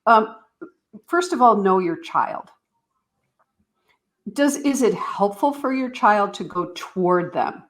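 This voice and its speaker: A middle-aged woman talking in a podcast interview as a guest expert, animated and acting out little dialogues. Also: medium pitch, slow pace, pauses often. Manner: animated, acts out parent and teen dialogue.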